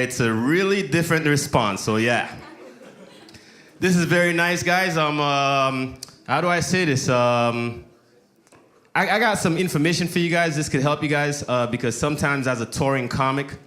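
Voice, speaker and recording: A stand-up comic from Saint Lucia performing a set with a loose, laughing delivery and mocking voices. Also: male voice, fairly high pitch. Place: comedy stage before live audience. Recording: echoey club with loud crowd.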